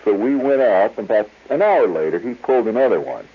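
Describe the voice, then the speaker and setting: With a voice on the low side, slightly rough and quick-paced, a radio host tells a meandering story full of lively intonation and chuckles. The sound is that of a tinny 1970s radio broadcast.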